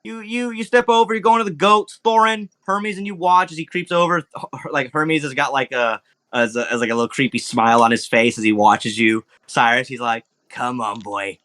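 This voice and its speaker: A man's voice: fairly high pitch, fairly even intonation, a little fast, sharp tone. A young man running a tabletop game as dungeon master, narrating casually with many fillers and restarts. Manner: rambling, filler-heavy, laughing.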